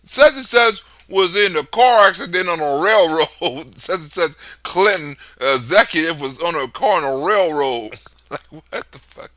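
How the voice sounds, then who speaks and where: A man's voice: a little high, expressive, unhurried, bright, forceful tone, no room sound. A man hosting a livestream, talking in a loose, profane political rant, laughing often. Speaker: livestream host.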